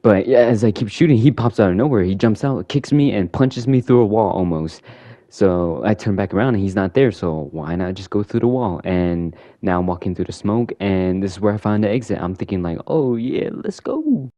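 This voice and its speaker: Deep-voiced man rambling through a game recap. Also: brisk, warm tone, no echo. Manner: rambling, full of "you know" and "like". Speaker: gaming channel host.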